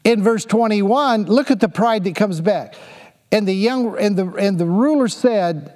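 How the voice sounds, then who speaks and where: A high-pitched male pastor delivering a sermon. He drives his points home with emphatic, repeated questions and phrases. His voice trails off in the long reverb of a large hall. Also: lively intonation, measured pace, darkish tone. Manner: emphatic, repetitive rhetorical questions.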